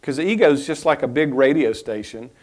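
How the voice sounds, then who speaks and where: A man teaching a spiritual lesson in a reflective, unhurried way, pausing and restarting his thoughts. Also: mid-range voice, animated, darkish tone.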